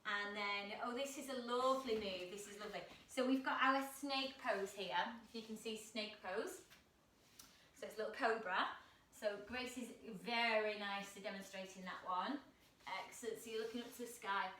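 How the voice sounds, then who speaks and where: A woman's voice: mid-range voice, moderate pace, fairly bright tone. A woman guiding a children's yoga class, playful and encouraging, heard from a distance in a roomy space. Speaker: kids yoga instructor.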